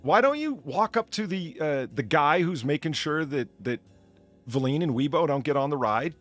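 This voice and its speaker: Fields: Sex: man. Role: podcast host. Style: casual chat. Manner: rambling, joking, profane. Pitch: mid, lively range. Behind: faint music. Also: normal speed.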